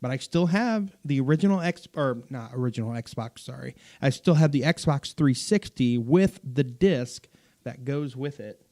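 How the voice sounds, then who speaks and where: A man with a mellow, relaxed tone talks casually on a live stream, reading viewer comments as he goes. His speech wanders, full of fillers and restarts, and he often corrects himself mid-sentence. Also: mid-range voice, moderate pace. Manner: rambling, self-correcting, many fillers and restarts. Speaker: pastor and streamer hosting a live Q&A.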